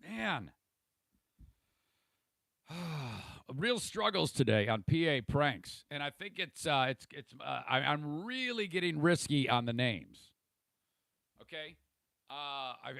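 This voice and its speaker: Gravelly podcast guy rambling and cussing on a livestream, dry close sound. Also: on the high side, big pitch swings, slow pace, pauses often, bright, forceful tone, no room sound. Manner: profane, irritable rambling with restarts. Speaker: podcast host. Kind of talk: casual livestream monologue.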